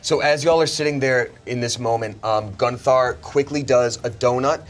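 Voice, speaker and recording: A man running a tabletop role-playing game, narrating scenes with animated, cinematic storytelling. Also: mid-range voice, normal speed. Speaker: game master.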